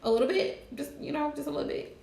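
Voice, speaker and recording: A woman's voice: sits high, lively intonation, fast, gravelly, a little mellow, echoey room, slight background noise. Chatty woman reading tarot live. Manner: chatty, casual, laughs often. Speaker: tarot reader.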